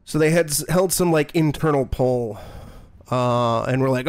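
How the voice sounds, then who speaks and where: A man's voice: medium pitch, steady tone, fairly quick, a little mellow, dry recording. A young man streaming a horror game, joking, sarcastic and profane. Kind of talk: profane let's play commentary.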